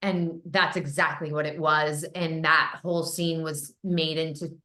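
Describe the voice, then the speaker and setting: A woman director chats through an interview in a bright, forceful voice that sits a little low for her. She tells her story with animated energy and laughs often. The room adds a noticeable echo. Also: measured pace. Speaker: film director and actor, interview guest. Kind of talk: casual interview chat. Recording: roomy echo.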